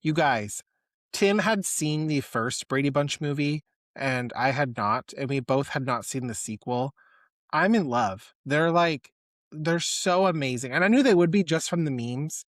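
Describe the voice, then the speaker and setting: A man co-hosting a podcast, chatting in an excitable, rambling way full of "like". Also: a little high, measured pace, no echo, studio quality. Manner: excitable, rambling, heavy use of "like". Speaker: podcast co-host. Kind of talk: casual chat.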